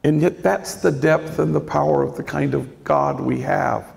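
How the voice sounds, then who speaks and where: An older man in his sixties, a priest giving a reflective storytelling talk on faith, with a gentle manner and a gravelly voice. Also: a little high. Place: large lecture hall. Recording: reverberant hall.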